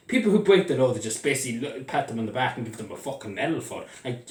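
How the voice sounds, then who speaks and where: A man's voice: mid-range voice, very animated, racing. Furious Irish man ranting in an echoey room. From Ireland. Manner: heated, swearing, repeating himself. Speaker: vlogger. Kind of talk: angry political rant. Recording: echoey room, mic at a distance.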